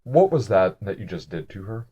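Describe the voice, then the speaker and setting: A man voicing a quiet, probing male noble who questions a stranger. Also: very animated, slightly rough, dull audio. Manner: low, soft and measured.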